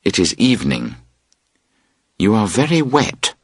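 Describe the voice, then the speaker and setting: Slow husky male storybook narrator. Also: on the low side, wildly swooping pitch, no echo. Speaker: audiobook narrator. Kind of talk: scripted narration of a graded reader.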